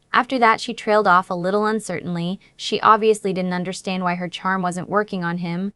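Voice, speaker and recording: A woman's voice: on the low side, steady tone, fairly quick, hardly any pauses, pushed and bright, clear, resonant tone, no echo. A woman reading a first-person romance story aloud in an earnest, dramatic storytelling manner. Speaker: audiobook narrator.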